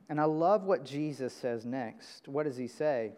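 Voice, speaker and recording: A man preaching a sermon from a church pulpit, emphatic, jumping from loud high bursts to quiet low lines. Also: expressive, unhurried, few pauses. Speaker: pastor. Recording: reverberant church hall.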